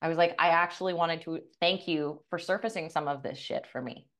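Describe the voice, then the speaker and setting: A woman's voice: mid-range voice, a bit bright. A middle-aged woman co-hosting a podcast, telling a personal story with blunt, profane candor and acting out the dialogue. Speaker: podcast co-host, coach.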